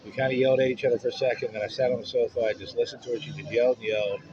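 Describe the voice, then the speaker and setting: A man's voice: mid-range voice, flat delivery, racing. A man telling a personal story in a casual, frank way, swearing freely. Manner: frank, profanity-laced. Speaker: vlogger. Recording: muffled, noisy street sound.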